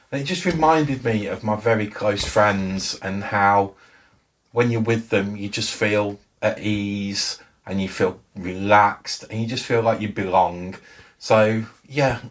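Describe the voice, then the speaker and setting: A man hosting his book channel, talking casually and telling stories with frequent restarts. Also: lowish voice. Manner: chatty and storytelling, with frequent self-restarts. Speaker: BookTube channel host. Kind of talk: casual book vlog talk.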